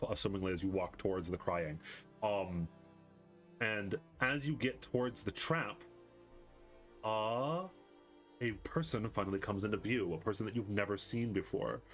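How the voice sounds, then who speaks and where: A man narrating as game master, describing the scene with lots of fillers and self-corrections. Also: fairly low pitch.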